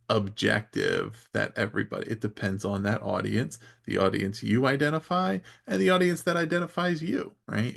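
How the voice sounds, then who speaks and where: A man's voice: fairly low pitch, gravelly. A man hosting a podcast, reflecting aloud on communication with small laughs and restarts. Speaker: podcast host. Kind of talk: podcast interview.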